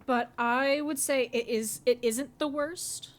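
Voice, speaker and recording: A woman's voice: sits high, steady tone, slow. A woman co-hosting a podcast in casual chat, sarcastic and full of "like" fillers. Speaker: podcast co-host.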